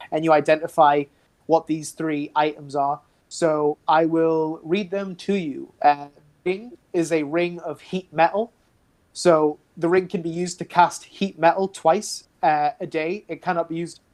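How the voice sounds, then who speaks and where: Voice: medium pitch, darkish tone. A game master narrating a tabletop game in a casual, rambling way with many fillers.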